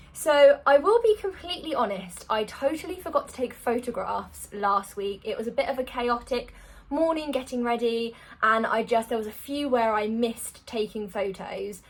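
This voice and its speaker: Woman rambling to camera about sewing, a bit breathless, fairly high voice. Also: fairly bright tone. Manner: chatty, self-deprecating, rambling. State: a little out of breath. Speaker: sewing vlogger. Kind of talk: casual chat to camera.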